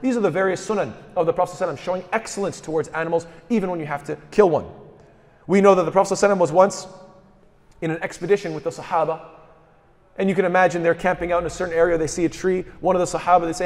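Guy giving a sermon, keeps asking rhetorical questions, kinda high voice. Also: quick pace, a little mellow, in a large hall. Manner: rhetorical questions, quotes scripture in Arabic. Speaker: speaker at a mosque.

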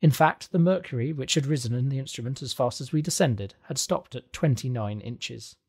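A man reading a classic adventure novel aloud as audiobook narration, calm and even. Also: mid-range voice, fairly quick, creaky, slightly rough. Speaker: audiobook reader. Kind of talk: scripted narration.

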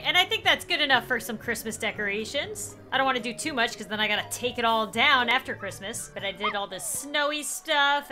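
A young woman chats through a video game in a high, very animated voice. Her commentary bursts into quick exclamations and laughter, with a crisp brightness. Faint music plays behind her. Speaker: gaming YouTuber. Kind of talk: casual gameplay commentary.

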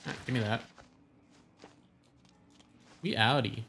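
A man's voice: medium pitch, takes it slowly, a bit bright, slightly rough. A young man giving casual let's-play commentary, reacting with crude, sarcastic jokes. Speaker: gaming voice-over streamer.

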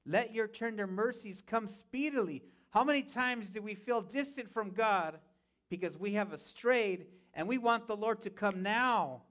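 High-voiced man preaching a sermon. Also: a little slow, fairly bright tone. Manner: preaching with repeated calls of "Amen?" to the congregation. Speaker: pastor. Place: church sanctuary.

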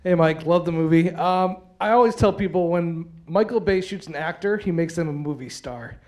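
A man in a theater audience eagerly asking a question at a screening Q&A, with a flattering, enthusiastic manner. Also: on the high side. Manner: eager, fast-talking, flattering.

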